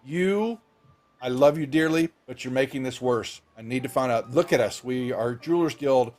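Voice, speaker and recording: A man's voice: medium pitch, moderate pace, a little mellow, lightly acted. A man doing a weary, pleading guild master. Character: tired, disheveled middle-aged male guild master.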